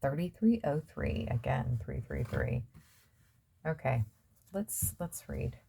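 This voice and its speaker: A woman doing a casual tarot reading in a low, husky, mellow voice, talking slowly. She muses aloud and trails off with fillers as she lays out the cards. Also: expressive. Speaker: tarot reader.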